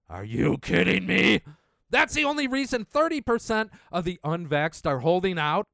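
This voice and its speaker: A male podcast host in full rant, his pitch leaping high and dropping low as he goes from indignant shouting to grumbling under his breath. His voice is smooth and resonant, recorded dry and close with no room sound. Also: sing-song, moderate pace, no room sound. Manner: indignant, ranting, swings from shouting to low mutters. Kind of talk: angry political rant.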